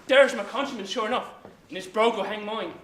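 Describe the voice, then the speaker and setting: Young male actor: shifty blustering priest, high pitch, roomy stage sound with light hiss. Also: fast talker, sharp tone. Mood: flustered. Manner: blustering, flustered evasions. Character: sly male priest, Irish posing as foreign. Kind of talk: stage acting in a school play. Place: school stage. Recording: echoey stage with faint hiss.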